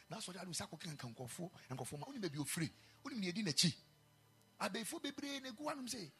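A Ghanaian man preaches in a chapel, mixing English and Twi as he tells his story. His fairly high voice climbs into loud, emphatic bursts, with faint music behind him. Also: sing-song, fast talker. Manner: switches between English and Twi, rising to shouted emphasis. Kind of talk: sermon.

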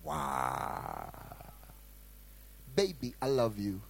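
A man preaching a sermon as a pastor, asking the congregation questions and swinging between shouted lines and quiet asides. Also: mid-range voice, wildly swooping pitch, extremely slow, gravelly, slight background noise, poor audio. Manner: preaching with call-and-response questions.

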